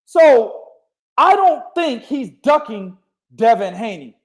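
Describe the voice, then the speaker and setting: A man's voice: very high voice, very animated, slow. A young man hosting a casual boxing talk show, swearing freely and laughing often as he argues his points. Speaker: boxing podcast host.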